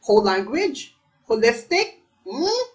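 A Filipino woman coaches a live exam review, quizzing viewers, repeating each question, and calling on people by name, sometimes switching from English into Tagalog. Her high voice swings widely in pitch and she speaks slowly. The highs in the audio are cut off.

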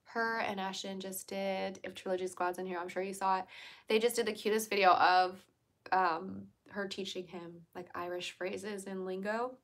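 A woman's voice: mid-range voice, fairly even intonation, moderate pace. A young adult woman hosting a livestream, chatting casually, giggling and answering her chat. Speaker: livestream host.

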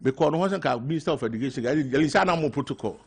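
An older man with a Ghanaian accent, talking as a guest on a talk show, halting and mixing in local words. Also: on the high side, animated, breathy edge. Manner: halting, mixing in local words, growing loud when telling a story. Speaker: guest party member. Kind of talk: casual talk show interview.

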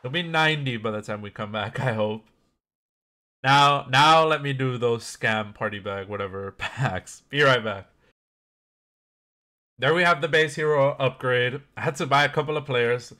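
A man's voice: mid-range voice, normal speed, pushed and bright. A young man giving casual, chatty commentary while opening packs in a video game, laughing often and poking fun at himself. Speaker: gaming YouTuber.

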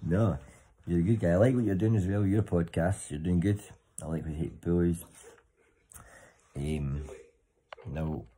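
Very deep-voiced man, sweary banter. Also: fairly even intonation, unhurried, long pauses, mellow, husky, low-quality recording. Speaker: vlogger. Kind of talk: casual chat to camera.

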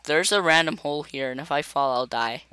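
A man hosting a casual gameplay video, goofy and excitable, giggling often as he talks. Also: on the high side, fairly quick, clean tone, dry recording. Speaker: gaming video host.

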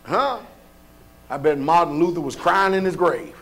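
Pastor, male, high voice, preaching a casual sermon full of rhetorical questions and bursts of shouting. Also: moderate pace, gravelly. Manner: colloquial, folksy delivery.

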